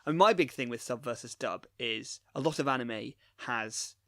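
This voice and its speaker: A man in a relaxed chat about anime, laying out his thoughts in long, careful sentences. His voice sits at an ordinary middle pitch, recorded close and dry. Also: moderate pace, dry recording. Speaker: podcast co-host. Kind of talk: casual chat reviewing an anime episode.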